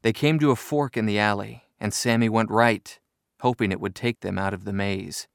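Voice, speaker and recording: A man reading book excerpts aloud in a measured, expressive storybook style. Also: on the low side, gravelly, clean tone, no room sound, clean studio sound.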